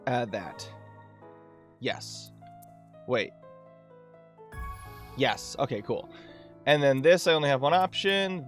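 Excitable male let's-play host. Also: a little high. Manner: excitable, yelps and whoops during combat; talks to the boss and himself. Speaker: gaming channel host.

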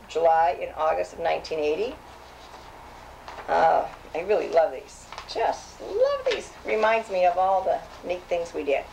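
Older lady going thru old clippings, low gravelly voice, chatty and halting. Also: a little mellow, a little hiss or hum, rough recording. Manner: chatty, hesitant, with frequent restarts. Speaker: safety program founder. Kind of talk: reminiscing while reading old clippings aloud.

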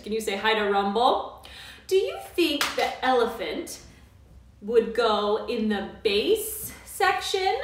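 Sing-song woman teaching toddlers, echoey room. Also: fairly high pitch. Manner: bright, sing-song, coaxing tone for small children. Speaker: children's music teacher. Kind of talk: live online kids' music class. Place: indoors at home during quarantine. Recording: very echoey room, mic at a distance.

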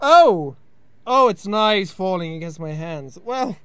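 A young Irish man giving loud, panicky let's-play commentary, yelping, laughing and swearing at a scary game. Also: high voice, expressive, takes it slowly, smooth, no echo. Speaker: gaming video host.

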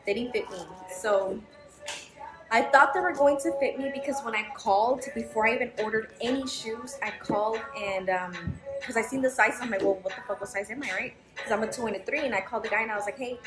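A woman's voice: a little high, a little fast. A young woman chatting frankly to camera in a vlog, swearing freely as she tells her story. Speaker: vlogger. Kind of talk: casual chat to camera. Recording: roomy echo with background music.

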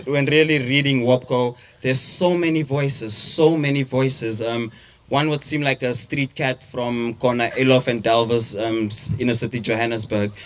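A man reads poems aloud at an academic workshop. He takes the lines slowly and deliberately. Between poems he talks casually and hesitantly with the room. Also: medium pitch. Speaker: poetry reader. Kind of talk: poetry reading and discussion.

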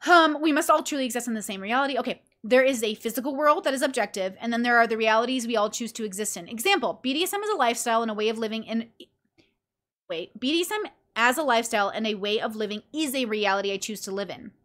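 A woman's voice: a little high, animated, quick pace, a bit bright. A tired woman hosting her own podcast, talking casually and animatedly, acting out friends and swearing freely. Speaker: podcast host.

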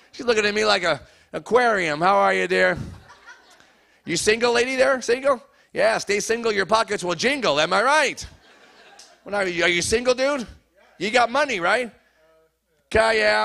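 A man's voice: high voice, gravelly, pushed and bright. A middle-aged man doing a stand-up comedy routine in a church hall, teasing the live audience between jokes. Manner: crowd work, teasing the audience.

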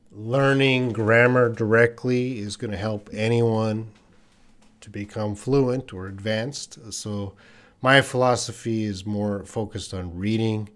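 A man in his forties, an English teacher giving a live-streamed lesson. He repeats phrases slowly for pronunciation practice and talks in a relaxed way, thinking aloud while he answers chat comments. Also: on the low side.

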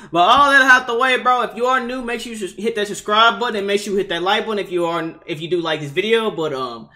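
A young man with a voice cracked from yelling earlier, giving loud, excitable reaction commentary with plenty of profane trash talk. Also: sits high, fairly quick. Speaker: YouTuber reacting to a video. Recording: loud music underneath. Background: loud music.

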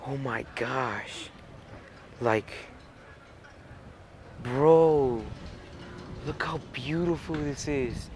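A man's voice: mid-range voice, drawn-out words, pauses often. A young man vlogging as he climbs a long outdoor staircase, out of breath and amazed by the view. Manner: excited, breathless narration while climbing. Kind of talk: casual travel vlog. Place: outdoors on a tall rock staircase. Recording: loud crowd and outdoor noise.

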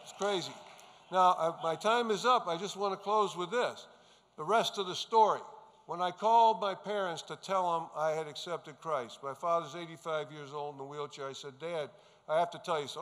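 The conference speaker, a man from New York, shares his testimony with a room of pastors in an earnest, emphatic way, narrating his story along the way. His voice is a little high and a bit bright, moving at a moderate pace, and the hall adds reverb.

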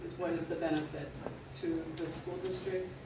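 A woman's voice: low voice, flat delivery, normal speed. A woman asking a direct, plain question during public comment at a school board meeting in a large meeting room. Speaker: resident speaking at public comment. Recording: echoey hall, distant mic, clear room noise.

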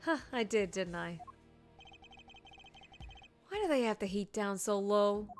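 Formal male prosecutor, voiced by a woman, measured, calm, game fan dub, faint music behind. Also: medium pitch, natural voice. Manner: measured, formal, lightly scolding.

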